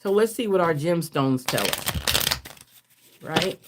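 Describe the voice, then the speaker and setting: A woman's voice: low-pitched, sing-song, takes it slowly, very noisy. A woman hosting a live card reading, laughing often, reading affirmations aloud and answering herself with repeated yeses. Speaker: card reader.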